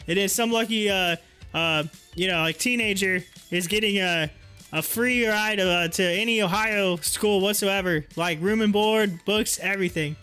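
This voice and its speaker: High, bright-voiced man chatting on a livestream. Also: normal speed, clear, resonant tone, faint music behind. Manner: rambling, giggly storyteller full of fillers. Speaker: stock market livestream host. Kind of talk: casual livestream chat.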